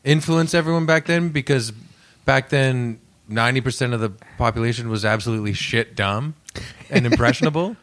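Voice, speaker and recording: A man's voice: medium pitch, a little fast, a bit bright. A man co-hosting a comedy podcast, goofy and profane, laughing through his asides. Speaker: podcast co-host. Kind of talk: casual comedic podcast chat.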